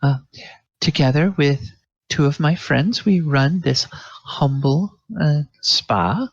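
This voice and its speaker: A man's voice: on the high side, takes it slowly, dry recording, highs cut off, voice pushed up. A man voicing a gushing, genteel female elf manicurist with a sweet, fawning manner. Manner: sweet, fawning, breathy titter.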